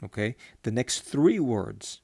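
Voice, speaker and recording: Patient male teacher, mid-pitched voice, chants words slowly and then explains them; dry, close sound. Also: very animated, gravelly, a little mellow, husky, no room sound. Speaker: Hebrew teacher. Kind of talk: lesson on Torah cantillation.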